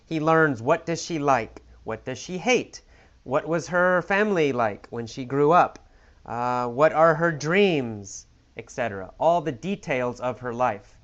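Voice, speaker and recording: A man teaching English vocabulary, explaining words slowly and patiently with many examples and restatements. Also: fairly high pitch, expressive, fairly bright tone. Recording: slightly dull lo-fi audio.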